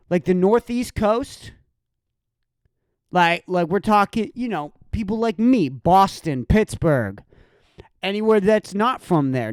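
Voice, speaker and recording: A woman's voice: medium pitch, darkish tone, dry recording. A woman hosting a solo podcast, ranting in a heated, sarcastic and profane way. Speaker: podcast host.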